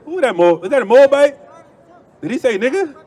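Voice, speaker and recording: A man's voice: very high voice, big pitch swings, fairly quick, mellow, a faint crowd. A man preaching outdoors on a city street through a handheld microphone, arguing in a heated debate, dismissive and repeating himself.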